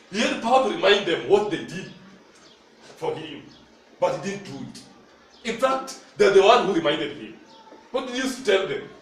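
This Kenyan-accented preacher has a high-pitched voice, heard over slight background noise. Speaking in a church hall, he weaves Swahili into English and invites the congregation's responses, all captured by a distant mic amid the echo.

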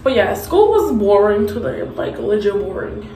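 Medium-pitched, warm, and very animated at normal speed, a woman chats to the camera for a casual vlog. She's in her grandmother's bathroom, hyper and playful with squeals and beep noises, and the echoey room carries noise.

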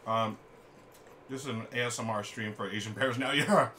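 A man's voice: lowish voice, normal speed, pushed and bright, a little hiss or hum. A man hosting a live game stream, chatting casually and reading viewer comments aloud at a desk mic. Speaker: streamer host. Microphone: desk microphone.

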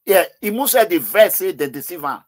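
Excitable Nigerian man hosting a call-in show. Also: high voice, normal speed. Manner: excitable, mixes Nigerian Pidgin into English. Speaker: host of a call-in political show. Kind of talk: animated political commentary with callers.

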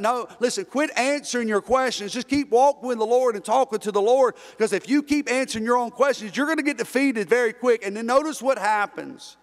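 A pastor preaches with a high, ringing male voice. He repeats key phrases and pulls the congregation in with call-and-response. His voice carries a long echo through the church sanctuary. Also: a little fast, few pauses. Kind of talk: sermon. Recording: long reverb in a church hall.

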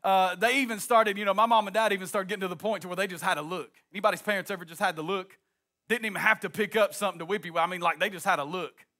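A male pastor preaching an impassioned sermon, rising into shouts and a sing-song cadence, then dropping into folksy asides. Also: high voice, steady tone, very fast.

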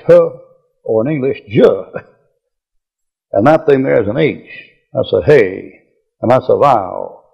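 A man's voice: mid-range voice, creaky, breathy edge. An older man teaching the Bible in a blunt, folksy way, with chuckling asides. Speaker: preacher. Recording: muffled old lecture tape.

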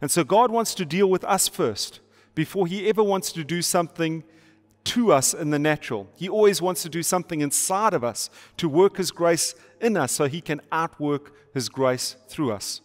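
A middle-aged pastor preaches with emphatic, repeated rhetorical questions and light playful asides. His voice sits fairly high for a man. A long reverb trails each phrase, as in a large church auditorium. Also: normal speed. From South Africa. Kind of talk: sermon to an online audience.

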